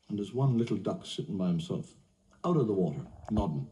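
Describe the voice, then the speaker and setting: Wry comedian telling jokes. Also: male voice, lowish voice, lively intonation, fairly quick, mellow, recorded from a distance, slight background noise. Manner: wry, conversational, relishing punchlines. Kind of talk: stand-up storytelling.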